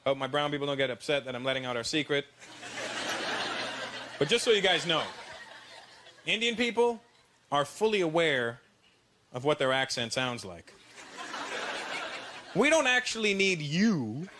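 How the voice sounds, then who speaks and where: Man, stand-up comedian, from Canada, high-ish voice, animated delivery, loud noise behind. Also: a little slow, pauses often. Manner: animated, mimics accents for laughs. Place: large theater stage with audience laughter.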